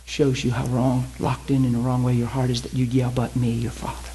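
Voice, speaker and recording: A man voicing God as a gentle, fatherly male spirit, speaking low, slow and earnest while retelling a story in a sermon. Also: slight background noise, lightly acted, poor audio. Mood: gently correcting. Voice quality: low, soft, calm.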